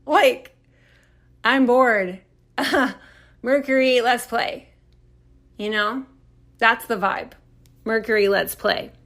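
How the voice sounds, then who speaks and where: A woman's voice: fairly high pitch, takes it slowly, long pauses, a bit bright. A woman hosting an astrology podcast, talking in a rambling, playful way with lots of "like" fillers. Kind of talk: casual solo talk.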